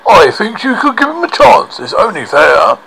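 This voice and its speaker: A man's voice: high voice, big pitch swings, normal speed, creaky, sharp tone, breathy edge, pitched above the performer's own voice, exaggerated voice, low-quality recording. A man doing a blunt, fair-minded woodcutter. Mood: firm.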